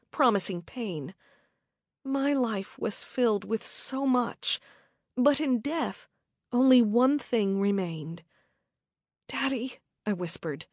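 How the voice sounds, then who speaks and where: A woman narrating a suspense story in the first person with measured, dramatic delivery. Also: fairly high pitch, dry recording, studio quality. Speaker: audiobook narrator.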